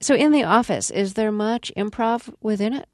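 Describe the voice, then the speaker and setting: A woman's voice: mid-range voice, lively intonation, moderate pace, dry recording, clean studio sound. A woman hosting an interview, curious, asking follow-up questions and laughing along with her guest. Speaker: interview host. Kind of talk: radio interview.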